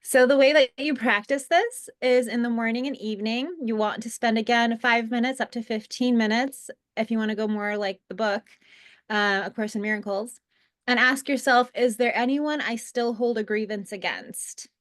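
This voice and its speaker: A woman's voice: fairly high pitch, steady tone, normal speed. Earnest woman teaching a spiritual lesson. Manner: earnest, with frequent fillers and restarts. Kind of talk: casual spoken teaching.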